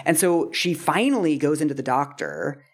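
Low-voiced woman retelling a story. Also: lively intonation, moderate pace. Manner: conversational storyteller, many "like"s, reads quotes aloud. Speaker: podcast co-host. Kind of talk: casual chat, retelling a memoir.

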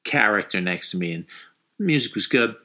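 A man's voice: fairly low pitch, lively intonation, fairly quick, pushed and bright. A middle-aged man from the New York area telling a rambling story in casual chat, full of fillers and swearing.

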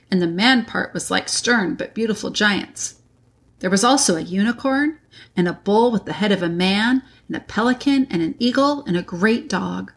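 A woman reading a classic children's novel aloud in a measured, deliberate way. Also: medium pitch, fairly bright tone. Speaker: reader. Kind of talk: audiobook narration.

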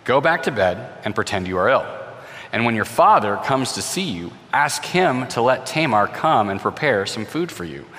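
A man's voice: mid-range voice, very animated, normal speed, fairly bright tone. A man voicing a crafty young adviser who coaxes slyly, with long reverb. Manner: sly, coaxing.

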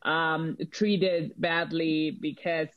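A woman joins a podcast chat as a guest. Her voice comes through a dry, dull, lo-fi recording with no room sound. She talks in a lively way, often stopping and restarting her thoughts. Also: sits low, extremely slow, no room sound. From Mexico. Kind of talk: casual chat.

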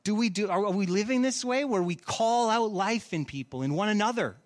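A middle-aged pastor with a high voice, preaching to his church. He asks the congregation question after question in an earnest, searching way. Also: expressive, normal speed. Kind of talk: sermon.

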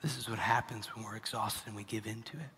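A male pastor preaching a sermon, dropping to hushed, near-whispered lines and then rising to loud, emphatic preaching. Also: fairly low pitch, steady tone, fast talker, in a large hall, slight background noise.

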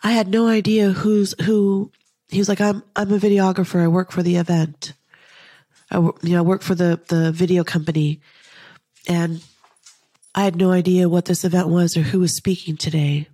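A woman podcast host telling an emotional personal story in an earnest, intimate way, dropping into soft whispers now and then. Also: lowish voice, little pitch movement, moderate pace, dry recording. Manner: earnest, intimate, slips into soft whispers when quoting herself. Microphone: podcast microphone.

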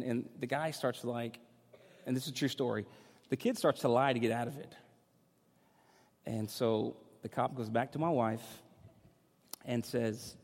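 A male pastor preaching to a congregation in a large church hall, with his voice trailing off into a long reverb. He shifts between loud, urgent declarations and an easygoing, joking storytelling tone. His pitch sits in an ordinary middle range for a man. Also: unhurried, pauses often. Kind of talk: sermon.

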